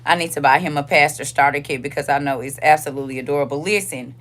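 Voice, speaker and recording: A woman's voice: deep voice, quick pace. An older woman hosting a casual livestream. She chats with her viewers, reads their comments aloud, and repeats phrases for emphasis. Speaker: livestream host.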